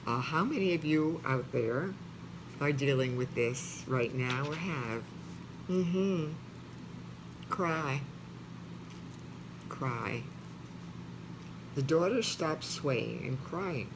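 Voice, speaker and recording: A man reading a memoir aloud in a heartfelt, pausing way, stopping now and then to talk to his listeners. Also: on the high side, lively intonation. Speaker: reader. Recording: noisy background ambience.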